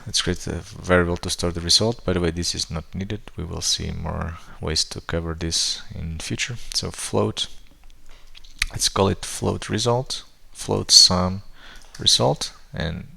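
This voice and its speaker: A man's voice: low voice, measured pace, gravelly, pushed and bright, breathy edge. A man walking through code step by step in a tutorial, thinking aloud with frequent fillers and restarts. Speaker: programming tutor. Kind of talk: screen-recorded coding tutorial.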